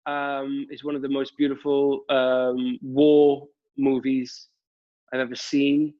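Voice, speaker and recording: A man's voice: medium pitch, little pitch movement, takes it slowly, lo-fi sound. A Welsh man, a guest TV presenter, chatting casually with many fillers and restarts. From Wales. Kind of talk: casual chat. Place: at home during lockdown.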